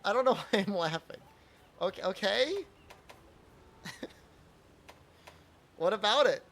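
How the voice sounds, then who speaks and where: A man's voice: high-pitched, expressive, slow pace, gravelly, a bit bright. A man streaming a video game, chatting casually with his chat, answering questions and laughing often.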